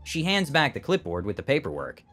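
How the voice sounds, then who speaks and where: A man reading out an online story as the narrator, in an expressive storytelling way. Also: mid-range voice, fairly quick, faint music behind.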